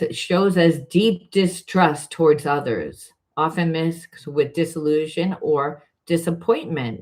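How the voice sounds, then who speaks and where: Low-voiced woman coaching in a rambling way. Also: a little mellow. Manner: rambling, conversational, frequent restarts and fillers. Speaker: spiritual coach. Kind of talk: informal coaching monologue.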